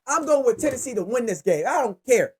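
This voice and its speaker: A man with a very high, husky voice talks at a quick pace while hosting his own sports picks show. Loose, lively, and unscripted, he rambles and curses his way through the games in a casual monologue.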